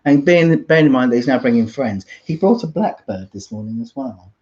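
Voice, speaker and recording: A man's voice: medium pitch, lively intonation, a little fast, darkish tone. Young guy hosting a stream, reads chat out, keeps laughing, muffled audio. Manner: chatty, laughs often, reads out viewer comments. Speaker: livestream host. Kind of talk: casual livestream chat.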